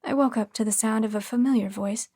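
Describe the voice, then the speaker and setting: Woman narrator, first-person horror, hushed and tense, slightly high voice. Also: quick pace, slightly rough, no room sound, clean studio sound.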